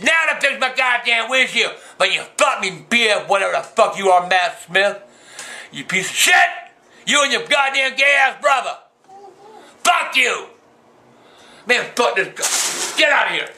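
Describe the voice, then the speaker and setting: Loud cursing old grandpa. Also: male voice, very high voice, animated, unhurried. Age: older. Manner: loud, profane, shouting and cursing. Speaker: grandfather ranting on camera. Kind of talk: casual home video rant.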